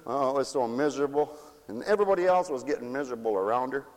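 A man pastor preaching a sermon, playful and laughing, swinging from loud to hushed. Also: mid-range voice, animated, fast talker, long reverb tail.

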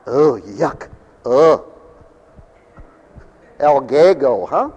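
A middle-aged or older man gives a joking, folksy sermon in a church mission hall, working up to passionate cries of hallelujah. His voice is high-pitched, animated, and a little mellow, at normal speed, captured in lo-fi sound with the hall's echo.

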